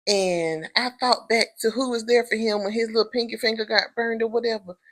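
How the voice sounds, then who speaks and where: A woman giving a casual recap of a TV episode, sassy and animated, calling the listener honey and girl, and jumping into high-pitched impressions of the characters. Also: brisk. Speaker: TV episode reviewer.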